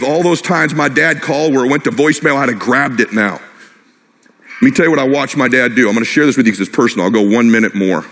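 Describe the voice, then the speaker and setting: A man's voice: medium pitch, a bit bright. A middle-aged man giving a motivational stage talk, impassioned and personal, driving his point home with short repeated phrases. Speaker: motivational speaker. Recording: long hall reverb.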